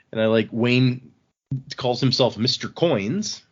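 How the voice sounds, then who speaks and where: A man's voice: medium pitch, measured pace, husky. Male podcast host, casual recap, easy chatty delivery, slightly muffled mic. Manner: relaxed, chatty retelling with small restarts. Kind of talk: casual book-club chat, recapping and quoting lines. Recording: slightly dull lo-fi mic audio.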